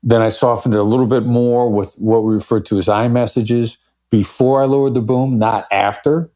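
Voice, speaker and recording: Speaking at a normal speed, the man has a warm, steady, medium-pitched voice. He's a negotiation expert being interviewed on a podcast, and he lays out his points forcefully while varying his tempo for effect in the conversational exchange.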